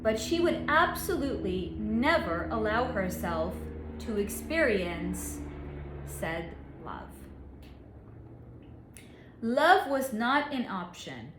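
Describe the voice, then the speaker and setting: Slow, lively-voiced woman psychic. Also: mid-range voice, background noise. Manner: deliberate, dramatic pauses, laughs often. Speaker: psychic reader. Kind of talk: storytelling monologue. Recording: echoey room.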